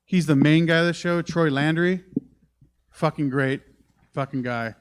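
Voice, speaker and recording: A man's voice: on the high side, measured pace, clear, resonant tone. Profane, rambling stand-up comedian man. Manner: profane, rambling, animated storytelling. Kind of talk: live stand-up set. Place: comedy club stage.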